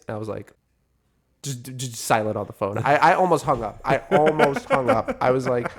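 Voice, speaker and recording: A young man co-hosts a relaxed podcast and spins a story with plenty of swearing and laughter. His voice sits at an ordinary middle pitch, and he talks in an easygoing, animated way. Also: fairly quick. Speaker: podcast co-host. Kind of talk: casual chat.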